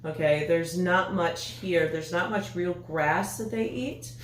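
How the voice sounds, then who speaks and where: A woman co-hosting a podcast in casual chat, relaxed and matter-of-fact. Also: on the low side, unhurried, a little hiss or hum. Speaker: podcast co-host. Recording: roomy echo.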